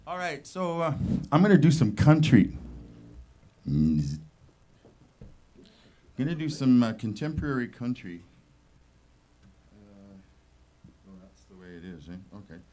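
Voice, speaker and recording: A man at a small showroom open mic talks slowly and self-deprecatingly between songs. Loud guitar rings out behind him throughout. He shifts into a country singing voice. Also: mid-range voice, sing-song. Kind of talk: casual stage banter and country singing.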